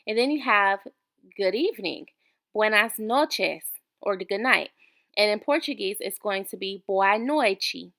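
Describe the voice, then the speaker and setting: A woman teaching an online beginner language lesson, patiently repeating each word slowly for the learners. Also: mid-range voice, a bit bright. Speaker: language tutor.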